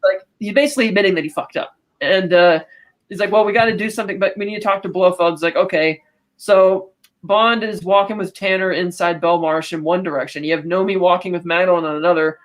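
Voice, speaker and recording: A woman co-hosting a podcast, casually recapping a film and quoting characters in quick asides. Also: lowish voice. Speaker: podcast co-host.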